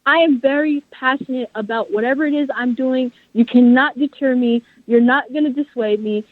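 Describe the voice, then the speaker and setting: A high-pitched woman at normal speed is interviewed over the phone as a guest author. There's no room sound on the dry line, and she speaks with passion, emphasis, firm conviction, and faith.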